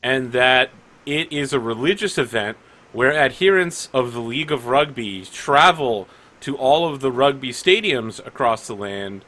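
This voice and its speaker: A man running a tabletop game, narrating in a loose, rambling way full of fillers. His voice is bright and clear, at an ordinary middle pitch. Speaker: game master.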